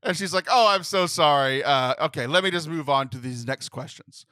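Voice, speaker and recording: A man in his thirties hosts a comedy podcast, spinning an exasperated story with lots of laughter. His voice sits high and lively, bright and forward. The sound is close and dry. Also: normal speed, no echo. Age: 30s. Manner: animated, laughing, acts out phone voices in exasperated bursts. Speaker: podcast host.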